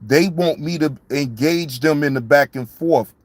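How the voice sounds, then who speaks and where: A man's voice: a little high, unhurried, no room sound. A man hosting a casual live-stream reaction show, speaking, profane and repetitive, addressing viewers in the chat by name.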